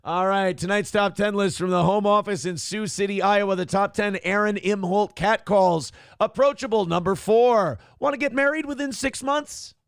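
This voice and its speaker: Gravelly high-voiced man hosting a morning show. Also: steady tone, normal speed, hardly any pauses. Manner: crude, joking, mock-announcer delivery of viewer lines. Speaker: host of a live internet morning show. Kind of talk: casual comedic chat, reading viewer comments aloud.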